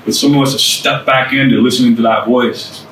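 A man's voice: mid-range voice, steady tone, a little fast, a bit bright. A man preaches to a small group in an earnest, conversational tone, dropping casual asides as he goes. He sounds a little far from the mic. The room echoes, and a faint ambient noise hums underneath. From United States. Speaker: speaker sharing testimony.

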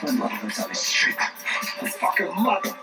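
A man's voice: high voice, very animated, normal speed. An actor playing a hot-tempered working-class man in a crime drama, heated and profane. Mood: furious. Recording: distant TV clip with music behind.

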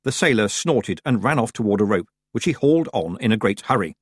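A man narrating an audiobook in an expressive, measured storytelling manner. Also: fairly low pitch, breathy edge, dry recording, studio quality. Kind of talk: scripted narration.

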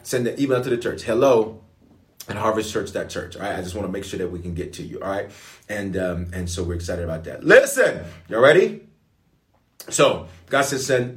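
A man preaching as a pastor, in a lively call-and-response sermon style. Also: lowish voice. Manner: call-and-response, animated, playful.

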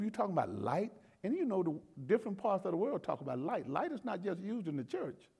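A man's voice: high voice, vocal fry, husky. A man pastor giving a sermon in a folksy, conversational preaching manner.

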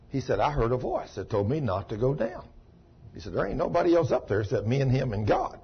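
Husky-voiced man preaching a sermon. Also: mid-range voice, sing-song, quick pace. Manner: folksy, exclaims and retells dialogue. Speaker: pastor. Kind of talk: sermon with a retold story. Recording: muffled lo-fi sermon tape.

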